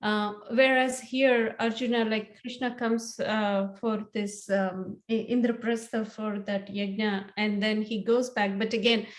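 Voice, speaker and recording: A woman's voice: medium pitch, little pitch movement, unhurried, hardly any pauses. A woman in a class discussion, sharing her thoughts hesitantly, searching for words with many fillers. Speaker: student asking a question.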